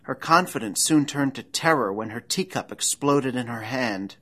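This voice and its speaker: A man reading scripted documentary narration about an eerie true case, with a measured, dramatic storytelling delivery. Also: medium pitch, a bit bright.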